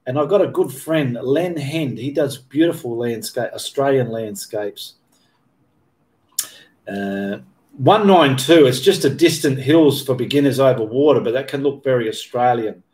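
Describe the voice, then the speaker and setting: In a medium-pitched, slightly mellow voice at a measured pace, a man hosts a laid-back livestream Q&A for his painting channel. He reads chat comments aloud and rambles through his answers, correcting himself in the middle of sentences.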